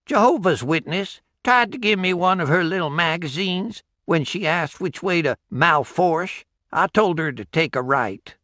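A man's voice: fairly high pitch, expressive, a little slow, few pauses, bright, forceful tone, no echo, studio quality, voice pushed up. A man doing a laconic old backwoods codger. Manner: drawling, clipped folksy replies.

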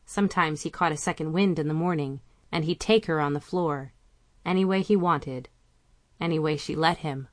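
A woman reading a novel aloud in calm, measured audiobook narration. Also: low-pitched, no room sound.

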